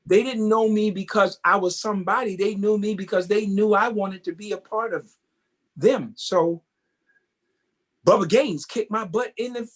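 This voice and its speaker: High-voiced man telling stage stories. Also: moderate pace. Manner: animated, keeps asking "you know what I mean?". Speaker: guest, tap dancer. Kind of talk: casual interview storytelling.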